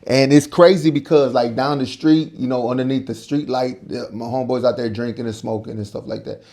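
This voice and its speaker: A man telling his life story in a casual interview, loud and animated, acting out the voices of the people in it. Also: mid-range voice, a little fast. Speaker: guest business owner.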